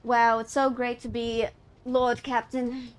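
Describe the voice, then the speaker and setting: Excitable, crisp-voiced woman streamer. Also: on the high side, slow. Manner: excitable, profane, giggly. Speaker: streamer playing a video game. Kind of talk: casual live-stream chat and reading game text aloud. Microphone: headset.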